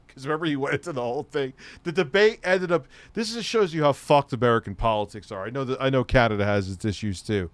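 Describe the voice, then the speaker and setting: A man's voice: mid-range voice, fast talker, hardly any pauses, no room sound. A man rambling and swearing with laughs through a casual late-night chat stream.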